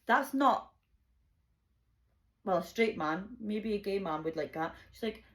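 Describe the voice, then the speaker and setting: A woman's voice: medium pitch, moderate pace. A young woman telling a chaotic storytime to camera, chatty and swearing, with dramatic outbursts. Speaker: vlogger. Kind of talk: storytime monologue.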